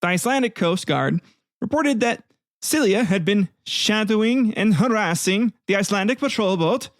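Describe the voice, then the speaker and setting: A man's voice: high voice, lively intonation, normal speed, dry recording, studio quality. Profane, irreverent man hosting a history podcast. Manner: profane, irreverent, laughs often. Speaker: podcast host. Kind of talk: comedic history podcast narration.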